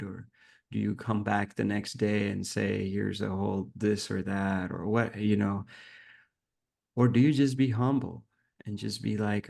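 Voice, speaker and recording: A man's voice: lowish voice, a little slow, creaky. A man, a podcast guest, earnestly telling a reflective personal story and acting out the dialogue. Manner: earnest, reflective, animated when retelling dialogue.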